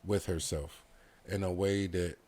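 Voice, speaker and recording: A man speaks as a podcast guest in a very deep, low voice. He talks openly and with feeling, drifting through loose casual phrasing as he tells a personal story. He sounds young. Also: steady tone, unhurried, mellow. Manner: candid, heartfelt storytelling with frequent "like" fillers. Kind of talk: casual conversation.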